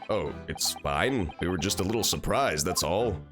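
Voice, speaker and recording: Mild, apologetic young lawyer, voiced by a man, hesitant and low-key. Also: animated, normal speed, music in the background. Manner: hesitant, polite.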